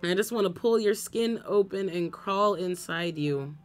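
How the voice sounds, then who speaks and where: A woman voicing an obsessive, lovesick young woman from a game, reading her confession in a slow, hushed, intense way. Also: medium pitch, close to an everyday voice.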